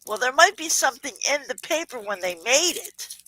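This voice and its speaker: A woman's voice: sits high, sing-song, brisk, bright, forceful tone, rough recording. A woman with a Southern US accent hosting a casual crafting livestream, chatting and greeting viewers in the chat. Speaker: livestream host.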